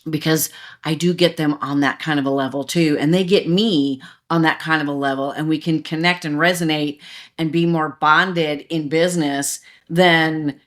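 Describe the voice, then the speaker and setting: A woman's voice: sits low, steady tone, moderate pace. A woman, a digital marketer, talking chattily as a podcast guest, telling stories with many restarts. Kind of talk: casual podcast interview.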